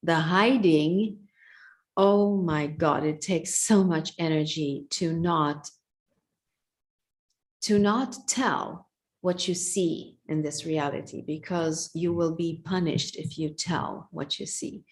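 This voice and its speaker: Female host, video call; slow, thoughtful delivery in a lowish voice, affirming murmurs. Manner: reflective, attentive, frequent murmurs of agreement. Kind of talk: casual conversation.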